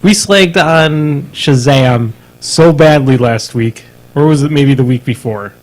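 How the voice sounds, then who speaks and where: Animated man on a podcast. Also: medium pitch, a little slow, poor audio. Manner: animated, laughs often, stumbles and restarts. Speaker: podcast co-host. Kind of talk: casual chat. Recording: live-streamed podcast.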